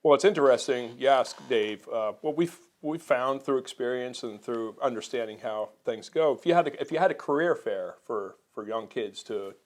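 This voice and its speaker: A business co-owner from Maryland talking earnestly as an interview guest, measured and a little halting. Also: male voice, medium pitch, expressive, a little mellow. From Maryland, USA. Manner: measured, earnest, repeats words when restarting. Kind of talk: conversational interview.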